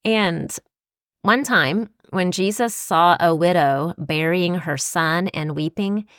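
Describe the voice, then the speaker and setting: A woman's voice: on the low side, takes it slowly, a bit bright, clean tone, dry recording, clean studio sound. A woman co-hosting a Christian podcast, speaking earnestly and reflectively while citing scripture. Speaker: podcast co-host.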